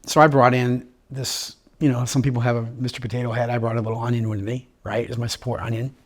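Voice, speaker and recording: Husky man telling his own story. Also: mid-range voice, little pitch movement, fast talker. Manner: upbeat, joking, quotes others in dialogue. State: living with terminal illness. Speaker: interviewee. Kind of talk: personal storytelling.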